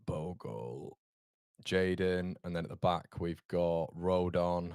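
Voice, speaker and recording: A man's voice: sits low, takes it slowly, creaky, darkish tone, clean tone, no room sound, studio quality. A man from York, hosting a live football watchalong in a chatty, rambling way with frequent laughter. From York, England. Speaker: watchalong host.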